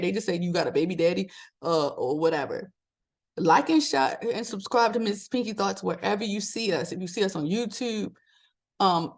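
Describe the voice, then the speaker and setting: Animated woman podcast host. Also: creaky. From Maryland, USA. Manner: animated, laughs often, pitch jumps up for emphasis. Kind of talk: casual motivational talk.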